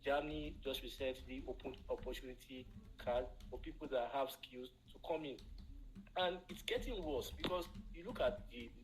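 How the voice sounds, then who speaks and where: A man's voice: mid-range voice, normal speed, low-quality recording. A man speaks as a guest on a live audio panel discussion, in an ordinary mid-range voice. He argues his case earnestly and stacks up examples. Faint noise sits under his voice. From Nigeria.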